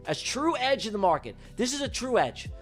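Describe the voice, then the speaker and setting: A man with a high-pitched voice gives live day-trading commentary, hammering his points home by repeating them. He talks emphatically and swears casually. Faint music plays quietly behind him. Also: sing-song, brisk. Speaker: livestream trading host.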